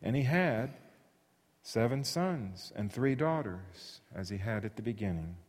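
A man's voice: lowish voice, animated, measured pace, a little mellow. A man preaching a sermon in an earnest, emphatic way, sometimes restarting his phrases. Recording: long hall reverb.

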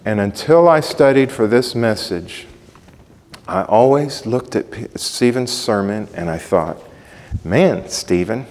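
A man's voice: on the low side, lively intonation, a little slow, darkish tone, big-room sound. A man preaching a sermon, emphatic and building in intensity through repetition. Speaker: pastor.

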